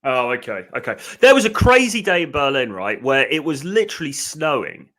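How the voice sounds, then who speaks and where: A man's voice: medium pitch, very animated, brisk, a bit bright. A young British man hosting a podcast, in casual chat with chatty asides and frequent restarts. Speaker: podcast host.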